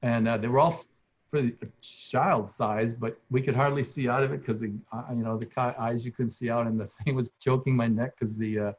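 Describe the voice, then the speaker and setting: An older man, a landscape architect, shares heartfelt personal stories as a guest speaker on a video call, his medium-pitched voice fairly even in intonation at normal speed, with the highs cut off. He is tearful and emotional, rambling and restarting often.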